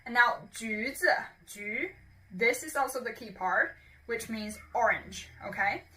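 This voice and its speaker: A woman's voice: a little high, unhurried, bright, forceful tone, recorded from a distance. A woman teaching a beginner language lesson, patiently repeating words for learners, a little playful.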